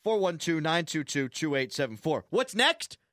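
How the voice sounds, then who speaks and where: High, lively ranting sports radio man. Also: normal speed, no room sound, clean studio sound. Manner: ranting, sarcastic, repeats for emphasis. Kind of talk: opinionated sports talk radio.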